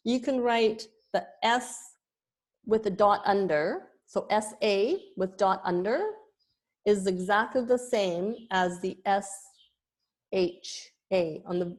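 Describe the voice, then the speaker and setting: A woman yoga teacher explaining Sanskrit pronunciation, sounding out letters one by one. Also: mid-range voice. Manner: explanatory, demonstrates sounds slowly.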